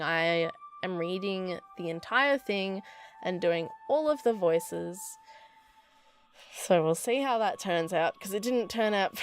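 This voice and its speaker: A woman's voice: on the low side, a little hiss or hum. A young woman hosting a let's play, reading game text aloud and chatting casually, self-deprecating with frequent laughs. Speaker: gaming video host.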